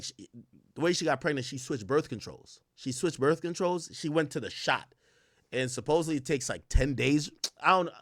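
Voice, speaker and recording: In a clean studio recording with no echo, a young adult man whose voice sits on the high side relates a long personal story. His streamer talk is casual and animated, heavy on swearing, and he performs the voices of anyone he quotes.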